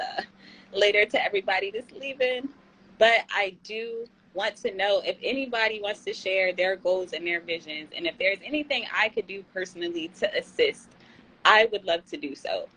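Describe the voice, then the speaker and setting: A young woman hosts a livestream in a loose, slangy, affectionate way. Her voice sits at an ordinary middle pitch and jumps suddenly upward whenever she acts out a reaction. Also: fairly quick, a bit bright, slight background noise, rough recording. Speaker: tarot channel host. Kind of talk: casual livestream chat.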